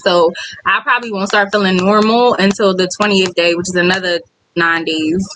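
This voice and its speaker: A woman's voice: mid-range voice, fairly bright tone, low-quality recording. A woman vlogger with kids, talking candidly on a casual livestream and reading viewer comments aloud. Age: adult with kids.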